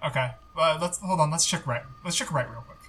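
A man's voice: a little high, brisk, bright, forceful tone, husky. A man playing a tabletop game, talking casually and hesitantly as he thinks aloud. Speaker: player.

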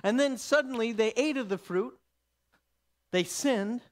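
A man's voice: very high-pitched, unhurried. Brief: male Bible teacher, emphatic sermon delivery, frequent restarts.

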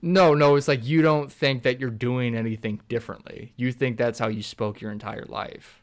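A young man co-hosting a podcast, relaxed, agreeing and explaining things casually. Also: mid-range voice, moderate pace. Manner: laid-back, agreeing, explaining. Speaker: podcast co-host. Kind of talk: casual chat.

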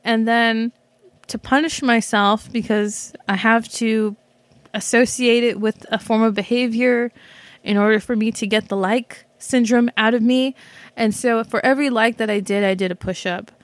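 A woman's voice: on the high side, fairly even intonation, normal speed, no room sound. A woman hosting her own show, talking through casual, self-reflective commentary that rambles, with lots of fillers, restarts and casual swearing. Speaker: podcast host. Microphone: microphone.

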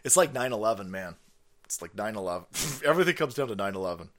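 A man's voice: on the low side, very animated, fast, a bit bright. A man hosting a stream, ranting in angry, swearing, mocking commentary on a played clip. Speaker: stream host.

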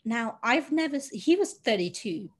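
Brief: young woman, slightly high voice, animated anecdote-teller for a podcast. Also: moderate pace, slightly rough. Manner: animated, laughing, acts out dialogue. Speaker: podcast guest telling a story. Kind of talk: casual storytelling chat.

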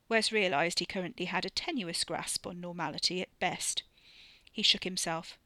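A woman in her forties narrating an audiobook in a steady, expressive storytelling manner on a close microphone. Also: fairly low pitch, moderate pace, no echo.

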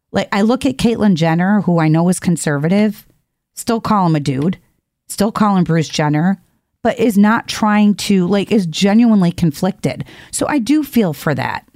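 A woman hosting an opinionated commentary monologue, blunt and emphatic, jumping to high exasperated outbursts. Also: lively intonation, a little slow, a little mellow, no echo, clean studio sound. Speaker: host.

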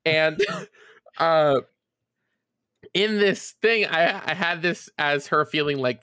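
Podcast guy rambling a story, swears a lot, bright kinda high voice, dry close sound. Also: slow, long pauses, clean tone, no room sound. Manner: rambling storytelling, swears freely, many fillers. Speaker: podcast co-host. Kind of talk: casual chat.

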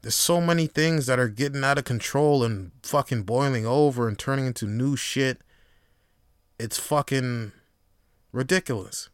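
A man hosting a solo podcast, talking in a casual, profane, rambling way that swings between quiet reflection and animated storytelling. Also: mid-range voice, moderate pace, smooth, no echo, clean studio sound. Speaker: podcast host.

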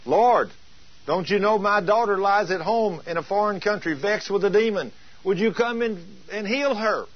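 A desperate mother cries out and begs for her sick daughter, her voice pitched up into a high, wailing plea , as a man puts her on. The sound is husky and the recording is dull and lo-fi. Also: normal speed. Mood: pleading.

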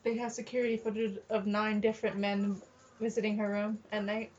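A woman's voice: medium pitch, little pitch movement, a little fast, a little mellow, lo-fi sound, slight background noise. A young woman co-hosting a casual movie podcast, easygoing and chatty, with lots of likes and fillers. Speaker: podcast co-host. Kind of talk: casual movie-watching chat.

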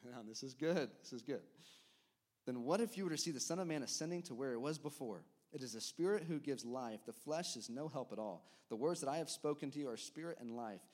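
A man preaching a sermon as pastor, talking straight to the congregation and acting out the crowd's reactions. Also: medium pitch. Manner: animated preaching, quick asides to the congregation, acts out crowd reactions.

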